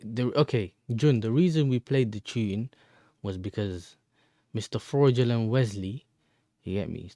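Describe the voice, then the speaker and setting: Guy doing football banter on stream, warm mellow voice, dry close sound. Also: on the low side, no room sound. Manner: slangy, bantering, answers chat messages. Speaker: football fan channel host. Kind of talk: casual livestream chat.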